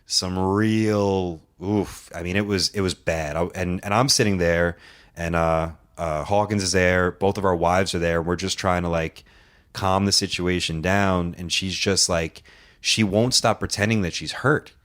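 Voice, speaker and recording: A man's voice: low-pitched, steady tone, unhurried, a bit bright. A man who runs a wrestling show, telling a rambling story in casual chat and acting out other people's lines.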